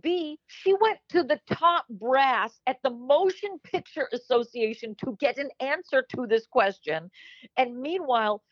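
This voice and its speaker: A woman's voice: fairly high pitch, no echo, lo-fi sound. Woman cracking sarcastic jokes on a podcast, bouncy voice, super dry close mic. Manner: sardonic, deadpan riffing. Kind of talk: comedic podcast chat.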